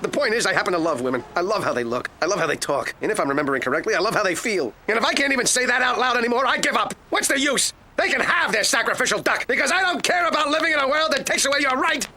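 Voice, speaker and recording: An actor playing a crude, lecherous cartoon duck detective who rants and whines in self-pity. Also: male voice, very high-pitched, animated, rapid-fire, hardly any pauses, bright, forceful tone, exaggerated voice. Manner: brash, sleazy, self-pitying rants.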